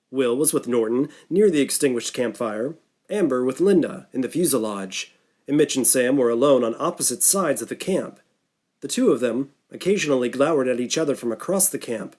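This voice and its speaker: A man's voice: mid-range voice, darkish tone. Man narrating an audiobook. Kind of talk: scripted narration.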